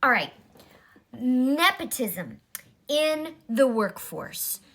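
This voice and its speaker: A woman's voice: sits high, very animated, very slow, a bit bright. A woman in her forties giving a blunt, exasperated commentary in a vlog. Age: 40s. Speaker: vlogger.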